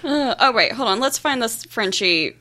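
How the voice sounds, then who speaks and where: A woman chatting casually on a comics podcast, quick and quick to laugh. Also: a little high, expressive, sharp tone. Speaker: podcast co-host.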